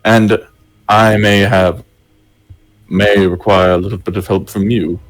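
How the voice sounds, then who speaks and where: Deep slow-talking man playing a tabletop game. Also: level tone. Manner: halting, formal in character. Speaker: player. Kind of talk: in-character tabletop play.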